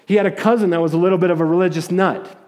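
A man preaching a sermon, retelling a story in a casual, animated way with jokes and acted-out quotes. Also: high-pitched, rapid-fire. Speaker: pastor.

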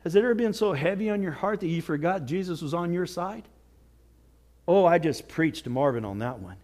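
A male pastor preaching a sermon with earnest exhortation, dropping to near whispers and rising to shouts. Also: a little high, lively intonation, brisk. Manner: swings from hushed to shouting.

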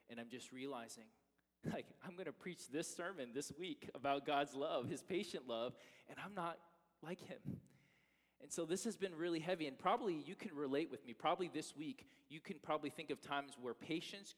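Animated male pastor in a reverberant hall. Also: medium pitch. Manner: animated storytelling, acting out his own frustration. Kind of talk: sermon with personal story. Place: church sanctuary. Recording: long reverb of a church hall.

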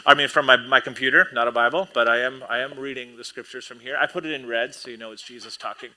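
A man preaching a sermon as pastor, humorous and self-deprecating, an animated storyteller who often repeats words as he goes. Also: medium pitch, fast talker.

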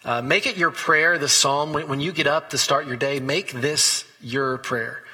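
Bright-voiced male pastor in a reverberant hall. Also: fairly high pitch, unhurried, breathy edge. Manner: conversational, storytelling with scripture readings. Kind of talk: sermon.

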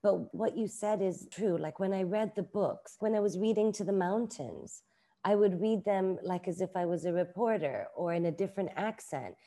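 A woman's voice: mid-range voice, moderate pace, mellow. A middle-aged woman, an author and publisher, talking casually in an interview with many filler words. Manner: chatty, uses many "like" fillers.

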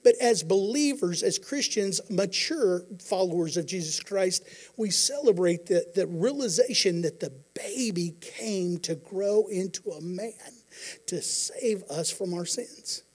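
A pastor preaching a sermon, earnest, moving between quiet passages and emphatic declarations. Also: male voice, high-pitched, expressive, a little slow.

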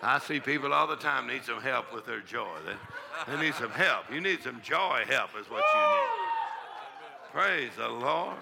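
A man's voice: mid-range voice, wildly swooping pitch, unhurried, creaky, a loud crowd. A male pastor with a drawl preaching a charismatic sermon in a church, laughing and whooping often. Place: church sanctuary with congregation.

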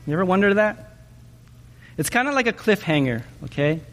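A man preaching a sermon in an animated way, often asking his listeners questions and checking in with them with "okay?". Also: high-pitched, a little fast, pauses often, long reverb tail. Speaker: pastor.

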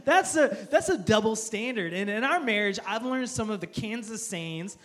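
Man, high-pitched voice, joking pastor, playful sermon, calls for amens. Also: animated, moderate pace, a bit bright. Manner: joking, playful, asks the crowd for applause and amens. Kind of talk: humorous sermon. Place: church auditorium with live audience.

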